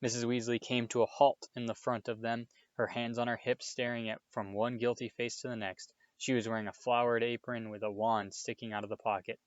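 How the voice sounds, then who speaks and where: A man's voice: mid-range voice, flat delivery, fairly quick, hardly any pauses, no echo, dull audio. Man reading a storybook aloud. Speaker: audiobook reader. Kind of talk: storybook narration.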